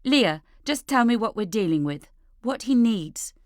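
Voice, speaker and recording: A woman's voice: a little high, expressive, measured pace, no room sound, clean studio sound, voice pushed up. A woman reading an audiobook, voicing a flustered middle-aged mother who speaks urgently and firmly. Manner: urgent, commanding.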